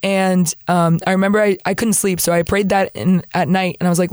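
A young woman from Peru, a guest telling her faith story in animated conversation, acting out what others said and laughing often. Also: lowish voice, brisk, no room sound, clean studio sound. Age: young adult. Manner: animated, acts out quoted voices, laughs often. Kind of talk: lively storytelling testimony.

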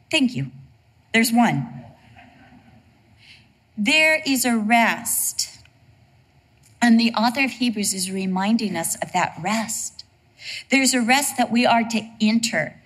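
A woman preaching a sermon in a lively, humorous storytelling way. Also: a little high, slow pace, long pauses.

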